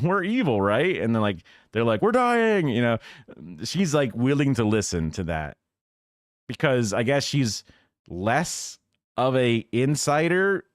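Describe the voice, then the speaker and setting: A man's voice: mid-range voice, no room sound, clean studio sound. A man streaming live and reacting to news clips in a casual, rambling, sarcastic way, with swearing and mocking quotes.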